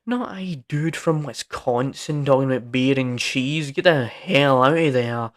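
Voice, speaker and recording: A man's voice: medium pitch, unhurried, heavy background noise. Rambling young male podcast host. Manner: rambling, emphatic and informal, with frequent "like" and "right?". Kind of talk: solo podcast rant.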